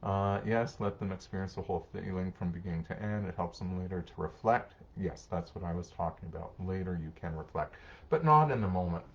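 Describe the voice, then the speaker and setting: Speaking fairly quickly in a low voice, this middle-aged man, a social worker, answers viewer comments and gives relaxed parenting tips during a live-streamed advice talk. The recording sounds muffled. His manner is warm and chatty, and he plays out brief parent-child conversations.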